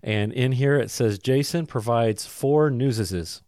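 A man hosting a casual podcast, joking in a dry, deadpan way. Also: mid-range voice, a little slow, no echo. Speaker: podcast host. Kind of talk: casual chat.

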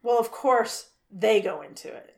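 A woman's voice: a little high, animated, measured pace, vocal fry, a little mellow. Laughing, exasperated woman retelling a plot. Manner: exasperated, laughing storyteller who swears freely. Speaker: podcast co-host. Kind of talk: casual chat, retelling a movie plot.

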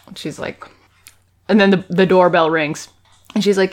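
A woman's voice: on the low side, normal speed, long pauses. A woman co-hosting a podcast, animatedly recapping an episode and acting out the characters' lines with giggles. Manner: animated retelling, acts out quotes, giggly. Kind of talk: casual chat.

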